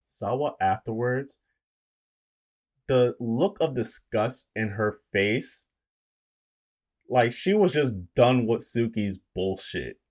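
A man's voice: mid-range voice, animated, takes it slowly, long pauses, darkish tone. A man co-hosting a casual podcast, chatting about an anime episode with laid-back slang and frequent laughs. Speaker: podcast co-host. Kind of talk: casual anime recap chat.

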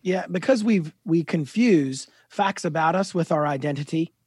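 A man in his fifties, a guest author, telling animated, self-deprecating stories in a casual interview. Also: on the high side, normal speed, slightly rough, dry recording, clean studio sound.

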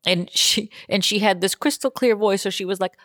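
A woman co-hosting a podcast, chatting casually with animated, exaggerated reactions. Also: mid-range voice, moderate pace, no echo, studio quality. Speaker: podcast co-host. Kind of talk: casual chat.

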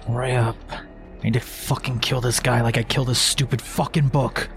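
Male player, gravelly, gruff and short-tempered. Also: mid-range voice, steady tone, moderate pace. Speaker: tabletop player. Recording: faint music behind.

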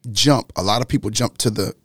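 A man's voice: on the low side, slightly rough, no room sound. Man talking it out on a podcast, trips over words then settles, dry close mic. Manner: halting, restarts before explaining calmly. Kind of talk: casual group discussion.

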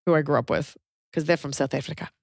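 Young woman on a podcast, lowish voice, blunt and sweary, asks question after question, dry close sound. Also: fairly even intonation, fast talker, vocal fry, dry recording. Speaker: podcast co-host, comedian. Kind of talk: casual advice chat.

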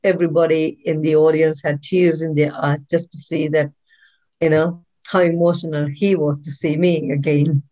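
A woman's voice: sits low, flat delivery, moderate pace, warm tone, muffled recording. A woman, a former nurse and author, telling a moving story in an interview, heartfelt and full of ums and restarts.

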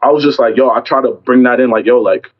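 A young man casually telling a story about a fight with a girlfriend, acting out both sides with lively quoted lines. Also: medium pitch, fast talker, muffled recording. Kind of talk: casual chat.

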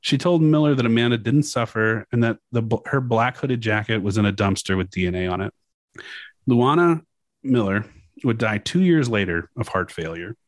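A young man hosting a podcast, casually chatting and reading news quotes aloud, swearing and pausing with fillers. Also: on the low side, dry recording. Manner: casual, profane, halting with fillers. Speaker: podcast host.

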